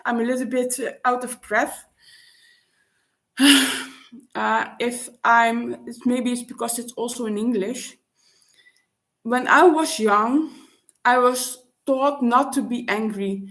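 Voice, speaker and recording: Halting woman, slightly high. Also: steady tone, fairly bright tone. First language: Dutch. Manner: halting, searching for words with frequent restarts. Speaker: vlogger. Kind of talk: personal reflective monologue.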